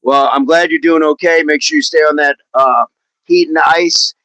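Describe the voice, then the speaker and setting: A man's voice: fairly high pitch, fairly even intonation, normal speed, bright, forceful tone, no echo, low-quality recording. A man hosting a live workout stream, chatting upbeat with viewers and counting reps aloud. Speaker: fitness coach hosting a livestream.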